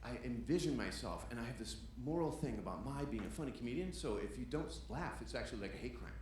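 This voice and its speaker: Animated man doing stand-up in a club. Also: medium pitch, fast, background noise. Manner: animated, shouts punchlines, acts out dialogue. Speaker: stand-up comedian. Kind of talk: stand-up set. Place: comedy club stage. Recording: roomy club sound with audience laughter. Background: audience laughter.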